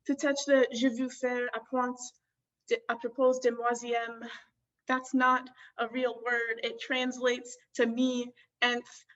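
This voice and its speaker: A woman's voice: on the high side, fairly bright tone. A woman in her twenties, a graduating student poet, giving a playful, wordplay-filled poetry reading. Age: 20s. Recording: distant, dull lo-fi recording.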